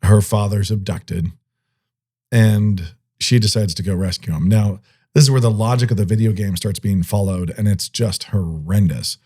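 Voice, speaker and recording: A man co-hosting a podcast in easy, casual chat. His voice sits a little low and comes across dark and mellow. He is playful, throwing in goofy sound effects and laughing often. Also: normal speed, slightly rough. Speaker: podcast co-host.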